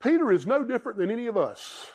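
A man who pastors a church, preaching a sermon with emphatic swings from loud declarations to hushed asides. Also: very high voice, big pitch swings, fast. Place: church sanctuary.

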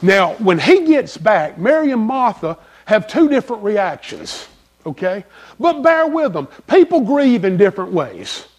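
A male pastor preaching a sermon in an emphatic, folksy manner, repeating key phrases and swinging from loud to soft. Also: high-pitched, sing-song, a little slow.

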